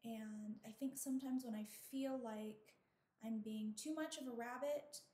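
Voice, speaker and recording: A woman hosting a children's storytime as a librarian, talking gently in a sing-song tone and reading a picture book aloud. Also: a little high, steady tone, a little slow, reverberant.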